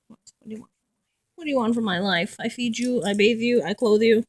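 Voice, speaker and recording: A woman's voice: fairly high pitch, a little fast, dry recording, poor audio. A woman at home talking to her dogs in cooing baby talk. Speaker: dog owner.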